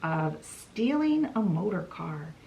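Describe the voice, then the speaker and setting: Chatty, unhurried woman retelling a story. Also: on the low side, very animated, creaky, a little mellow, slight background noise, rough recording. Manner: chatty, playful, with dramatic asides. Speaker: book channel host. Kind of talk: casual story summary.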